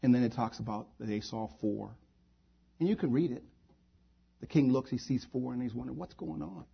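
Husky-voiced preacher man, emphatic. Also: mid-range voice, fairly quick. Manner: emphatic preaching with repeated phrases. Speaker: pastor. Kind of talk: sermon. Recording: dull lo-fi recording.

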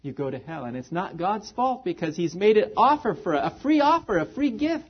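A man's voice: high voice, sing-song, normal speed, breathy edge. A man preaching a sermon as pastor, earnest and full of rhetorical questions to the congregation. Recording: dull lo-fi recording.

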